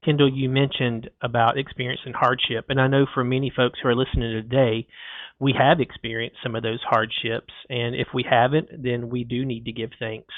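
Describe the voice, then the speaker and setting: A man's voice: medium pitch, flat delivery, a little fast, dry recording. Sincere male podcast host, dry dull sound. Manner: sincere, grateful, conversational. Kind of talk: podcast interview and sign-off.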